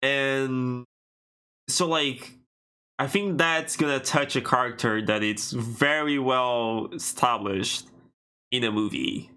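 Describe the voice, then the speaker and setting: Bright-voiced animated man co-hosting a podcast. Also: medium pitch, slow, smooth. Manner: animated, restarts often, laughs easily. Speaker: podcast co-host. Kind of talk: casual chat.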